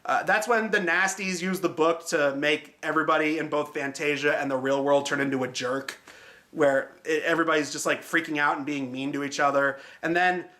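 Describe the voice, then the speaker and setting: A man's voice: on the high side, steady tone, brisk, pushed and bright. A man hosting a film review show, talking casually and sarcastically and swearing often. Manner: sarcastic, swears freely, mocking.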